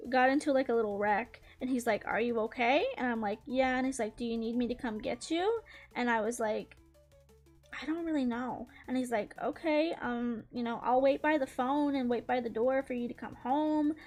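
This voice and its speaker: Young woman, high voice, casual storytime while drawing, rambling, giggly, faint background music. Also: normal speed, a little mellow. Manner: rambling, many "like" fillers, giggly. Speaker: YouTuber.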